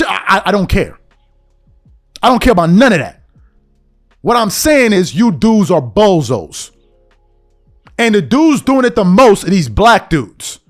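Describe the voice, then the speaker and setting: Fed-up new guy going off on a commentary show, real high voice, faint music behind. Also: very animated, moderate pace, pauses often. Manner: exasperated, blunt, slangy and repetitive. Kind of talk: heated opinion rant.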